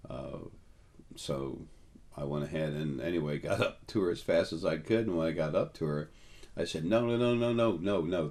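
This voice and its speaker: A man hosting a spiritual video, rambling through a casual monologue to his viewers and leaping higher in pitch whenever he quotes someone. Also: a little mellow. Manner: storytelling, jumps up high when quoting people.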